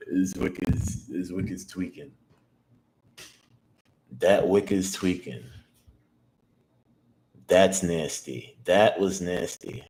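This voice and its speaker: A young man in his twenties livestyle-narrating his day trades to himself, slangy and full of swearing, repeating lines and jumping into high excited yelps. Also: very slow, long pauses, slight background noise. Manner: excitable, swears constantly, bursts into high hyped shouts. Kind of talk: live trading vlog, talking to himself.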